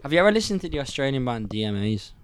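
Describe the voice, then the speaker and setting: A man, a band member guesting on a podcast, joking and swearing in lively chat. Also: mid-range voice, rapid-fire, clean tone, no room sound. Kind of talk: casual chat.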